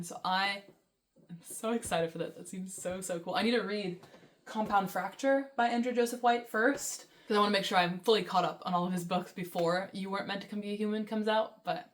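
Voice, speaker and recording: Young woman, casual vlog chat, rambling, enthusiastic, filler words, mid pitch. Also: fairly even intonation, brisk, slight background noise. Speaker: book vlogger.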